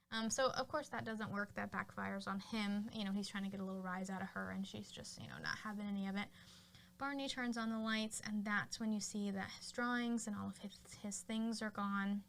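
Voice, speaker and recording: A podcast host with a mid-range, fairly bright voice and some vocal fry casually recaps a film's plot. She's chatty and leans heavily on fillers like "like" and "you know." There's a slight hiss or hum in the recording.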